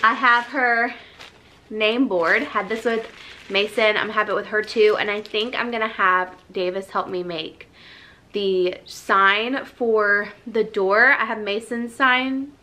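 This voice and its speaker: A woman's voice: medium pitch, steady tone, unhurried, bright, forceful tone. A young adult woman vlogging in a casual, chatty way, out of breath, laughing often and filling her talk with "like" and "um". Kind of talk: casual vlog chat.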